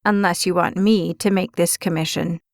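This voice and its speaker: A woman's voice: fairly low pitch, fairly even intonation, normal speed, no room sound, studio quality, close to an everyday voice. A woman voicing a whiny, bossy male night manager who scolds a clerk in an audiobook. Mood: scolding.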